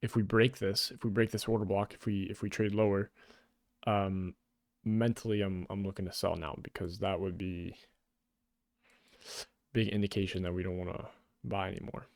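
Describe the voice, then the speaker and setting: A young man giving casual, excitable live trading commentary, swearing often and calling people "bro". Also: low-pitched, normal speed, gravelly, long pauses, no room sound, clean studio sound. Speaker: day trader.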